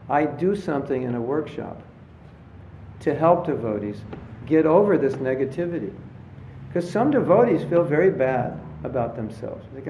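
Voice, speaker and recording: A man's voice: on the high side, expressive, normal speed, warm tone, a little hiss or hum. A man giving a casual spiritual talk to an audience, telling jokes and stories and briefly acting out voices in them. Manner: storytelling, acts out voices in his anecdotes. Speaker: spiritual teacher. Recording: roomy, slightly dull lecture recording.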